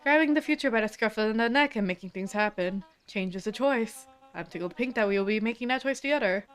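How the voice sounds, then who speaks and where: A woman's voice: on the high side, quick pace, a bit bright, clear, resonant tone, soft background music, lightly acted. A woman voicing a scheming, falsely cheerful male town official who talks down to people. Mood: salesy cheer. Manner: folksy, falsely sweet, patronizing. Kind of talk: game dialogue read aloud.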